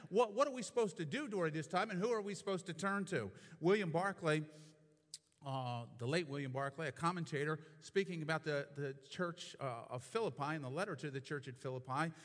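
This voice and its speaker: High-voiced preacher in a reverberant hall. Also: male voice, a bit bright. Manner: explanatory, building to emphatic repetition. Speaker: pastor. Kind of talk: sermon.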